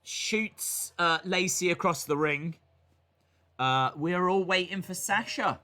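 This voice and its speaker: A man hosts a casual live reaction stream, rambling from one joke to the next. His voice is bright and lively, swinging widely up and down as he acts out goofy voices. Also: sits high, slow.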